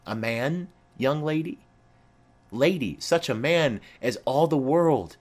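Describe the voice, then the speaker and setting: A man's voice: mid-range voice, lively intonation, slow, voice pushed up. A man reading the part of a garrulous old female nurse who rambles on with chatty asides.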